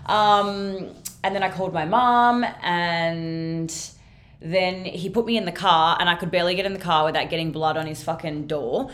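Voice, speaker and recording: A young woman with a fairly low-pitched voice hosts her podcast solo, telling a story as casual chat. She talks in a loose, chatty flow, full of fillers and frequent swearing. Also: steady tone, normal speed, fairly bright tone. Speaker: podcast host.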